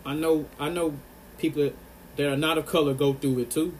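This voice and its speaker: A man's voice: fairly high pitch, steady tone, fairly quick, slight background noise. Earnest man delivering an impassioned monologue. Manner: earnest and emphatic, repeats phrases for stress. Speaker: vlogger.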